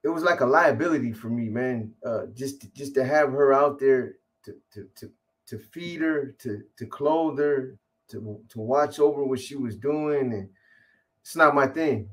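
A man tells a long story in loose, profane street slang. His talk rambles, with frequent restarts and fillers, and he sits at a middle pitch for a man. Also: measured pace. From California. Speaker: guest telling a story. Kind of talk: casual storytelling.

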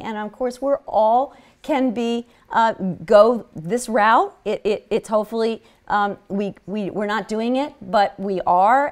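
A woman speaking at a public health seminar, telling stories from clinic work in an earnest way with frequent restarts. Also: a little high. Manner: earnest storytelling with many restarts. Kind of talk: seminar lecture.

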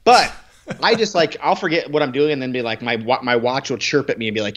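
A man co-hosts a casual podcast chat, talking fast and slipping in quick jokes. His voice comes through dull lo-fi audio. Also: medium pitch, fairly bright tone. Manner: quick joking banter. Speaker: podcast co-host.

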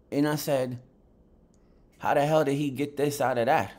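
A man's voice: mid-range voice, a little slow, darkish tone. A man fresh out of bed giving a heated, blunt vlog commentary on boxing, swearing freely as he rants. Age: adult. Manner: heated, blunt rant with profanity. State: just woken up, lower energy.

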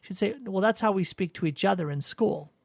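A father co-hosting a talk about parenting, measured and thoughtful. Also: high voice, vocal fry, dry recording. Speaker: podcast co-host, father. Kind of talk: casual conversation on parenting.

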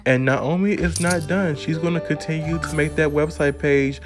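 A man's voice: on the high side, fairly even intonation, normal speed, music in the background. A man casually narrating life-simulation gameplay in a chatty, storytelling manner. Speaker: gaming channel host.

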